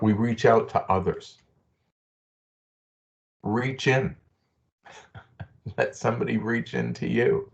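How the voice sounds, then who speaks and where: Slow-spoken man in a dull webinar recording. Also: lowish voice, vocal fry. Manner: earnest, personal storytelling. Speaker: presenter. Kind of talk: webinar talk. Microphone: video call.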